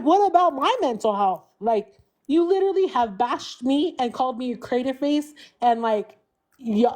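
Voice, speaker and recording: A woman's voice: a little high, mellow. A young woman venting on a live stream, emotional and pleading, with frequent fillers.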